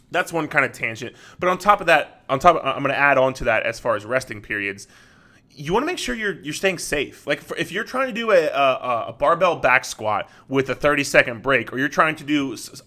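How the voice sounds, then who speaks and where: A man's voice: a little high, sharp tone. A man who works as a fitness coach, talking straight to the listener in an earnest solo podcast monologue.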